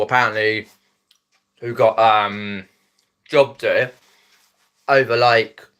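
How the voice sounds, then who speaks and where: A man with a South East English Mockney accent talks off the cuff to his live stream viewers. His voice is mid-pitched and bright, with a forward edge. He rambles, stumbles and restarts, dropping his aitches as he goes. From Epsom, Surrey, England. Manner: rambling, hesitant, many ums and restarts, laughs often. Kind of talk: casual live stream chat. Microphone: phone.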